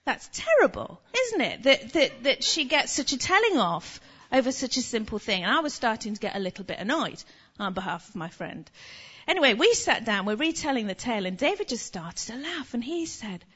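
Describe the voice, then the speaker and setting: An English woman preaching in a relaxed, conversational way, her pitch sitting a little high and swinging widely as she tells her story. The recording sounds slightly muffled and dull. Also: a little fast, husky. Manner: chatty, animated anecdote-telling.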